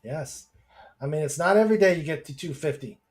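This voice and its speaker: A man's voice: on the high side, lively intonation, fairly quick. A man hosting a casual podcast stream, chatting with guests and reading viewer comments aloud, with lots of fillers and chuckles. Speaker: podcast host.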